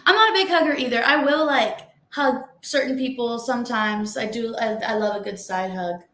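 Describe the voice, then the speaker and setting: A woman's voice: fairly high pitch, moderate pace, a bit bright, reverberant. A young woman, co-hosting a podcast and chatting bluntly, full of "like". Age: young adult. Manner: chatty, blunt storytelling with lots of "like". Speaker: podcast co-host. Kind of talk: casual chat.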